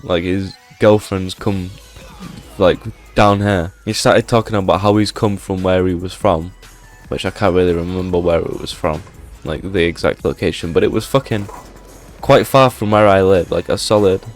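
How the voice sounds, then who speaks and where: A man tells a story in a loose, rambling way, swearing freely and padding his sentences with filler words. His voice sits fairly low, and soft music plays underneath. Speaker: gaming YouTuber. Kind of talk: casual storytelling.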